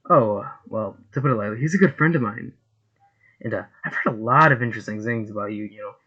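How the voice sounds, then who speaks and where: A man's voice: fairly low pitch, fast, pushed and bright, breathy edge, muffled recording. Luffy, a cocky young pirate captain, as a man voices him. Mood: smug. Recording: noisy home recording.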